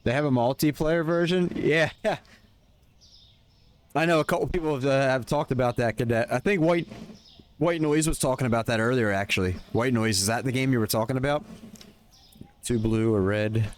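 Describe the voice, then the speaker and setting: A man's voice: medium pitch, moderate pace, long pauses, slight background noise. A man live-streaming a game, chatting casually with viewers and calling out in-game orders between questions to chat. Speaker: livestreamer.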